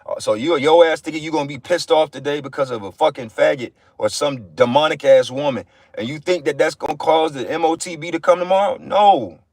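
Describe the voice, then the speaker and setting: A man's voice: a little high, a little fast, few pauses, a little mellow, no echo. A man giving an informal livestream sermon, blunt and profane, repeating phrases for emphasis. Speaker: livestream preacher.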